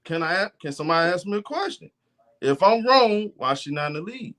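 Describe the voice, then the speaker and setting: A man's voice: high-pitched, lively intonation, fairly quick, a bit bright. A man co-hosting a sports talk stream, stubbornly repeating his point in a heated debate. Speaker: co-host.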